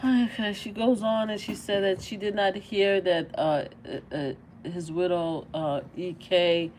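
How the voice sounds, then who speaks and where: A woman's voice: on the low side, steady tone, measured pace, noisy background. A middle-aged woman hosting a casual reaction livestream, chatting and firing off exasperated, repeated rhetorical questions. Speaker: livestream commentator.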